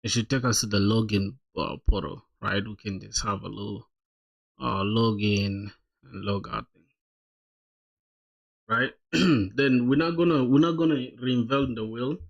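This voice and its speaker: Casual male streamer, gravelly voice, chatty, thinks aloud while he codes. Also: on the low side, fairly even intonation, measured pace, long pauses, highs cut off. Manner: thinks aloud, laughs often, says "bro" a lot. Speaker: streamer coding live. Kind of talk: casual live-coding stream chat.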